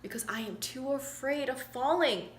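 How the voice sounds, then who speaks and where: A woman's voice: sits high, moderate pace, echoey room, lightly acted. A woman voicing a fearful young male owl in a storybook reading, small and hesitant. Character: timid young male owl who cannot fly.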